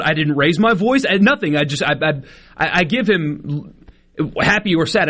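A man in his thirties on a sports talk radio show, his voice a touch high and swinging widely as he tells an indignant story. He stammers and restarts, piling up outrage. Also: animated, normal speed, fairly bright tone, husky. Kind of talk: casual radio banter.

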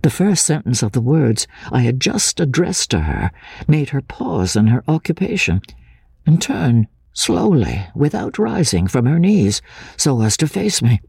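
A man narrating an audiobook in the first person, earnest and expressive. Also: mid-range voice, a little slow, vocal fry, husky, dry recording, studio quality.

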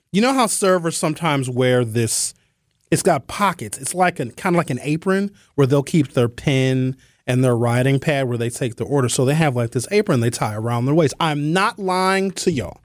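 A man hosting a radio show, telling a comic story in an animated, slangy way with emphatic asides to his listeners. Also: fairly high pitch, normal speed, no echo, studio quality. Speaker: radio host.

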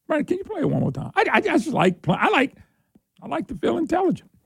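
A man hosting an opinionated political talk show, sarcastic and quick to laugh. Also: huge pitch swings, gravelly, fairly bright tone, no echo, studio quality. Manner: sarcastic, laughs often, voice jumps high when mocking. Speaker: radio talk show host.

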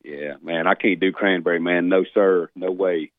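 A man's voice: low-pitched, steady tone, moderate pace, no room sound. A man calling into a radio show, folksy and rambling. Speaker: radio caller. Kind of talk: phoned-in chat. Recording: tinny phone line.

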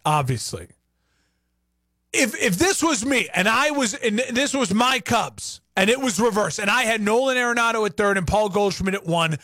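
Male sports talk host, animated, opinionated rants, high lively pitch. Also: no echo, clean studio sound. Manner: animated, ranting, rhetorical questions.

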